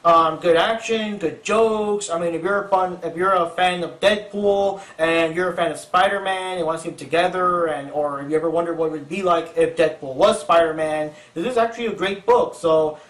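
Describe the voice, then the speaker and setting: A man's voice: a little high, moderate pace, few pauses, fairly bright tone. Chatty young man reviewing comics. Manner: chatty, rambling, playful. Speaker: comic book reviewer, host. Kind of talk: casual improvised review. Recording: roomy echo, distant mic.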